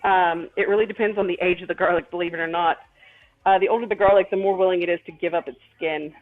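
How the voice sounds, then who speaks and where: A woman's voice: on the low side, steady tone, quick pace. Chatty woman cooking on a tinny stream. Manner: rambling, chatty, self-deprecating. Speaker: cooking livestream host. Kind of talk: casual chat while cooking. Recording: tinny phone-like stream audio with faint music.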